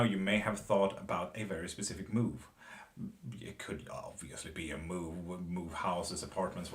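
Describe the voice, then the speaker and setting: Casual low-voiced man reading tarot. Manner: casual, swearing, laughs often. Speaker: tarot reader. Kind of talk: live-stream tarot reading and chat.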